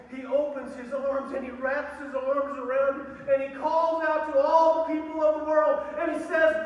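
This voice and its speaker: A man preaching a sermon with an impassioned delivery that swells toward a near shout, recorded in a large church. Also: extremely high pitch, level tone, normal speed, hardly any pauses. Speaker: pastor. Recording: echoey hall, distant mic, dull sound.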